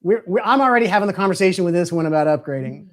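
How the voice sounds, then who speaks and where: A man with a fairly high voice hosts a casual live stream over a video call. He jokes with his guests and laughs often. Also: expressive, rapid-fire. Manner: friendly, joking, laughs often. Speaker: livestream host.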